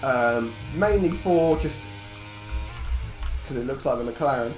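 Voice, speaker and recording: A man's voice: mid-range voice, lively intonation, takes it slowly. A man commentating a live sim race stream in a jokey, blunt way, swearing freely. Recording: roomy echo, faint music behind.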